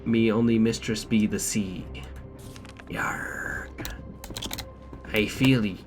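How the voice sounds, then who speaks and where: Brief: gruff pirate drawl put on by a male streamer, low-voiced, game music behind. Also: fairly even intonation, extremely slow. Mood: playful. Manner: drawling, theatrical pirate talk. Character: gruff male pirate reading a grim note.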